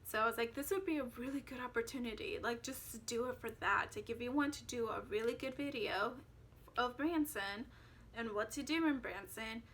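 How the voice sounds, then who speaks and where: A woman's voice: on the high side, fairly quick, a bit bright, slight background noise. A young woman vlogger casually telling a personal story, chatty and full of fillers as she quotes herself.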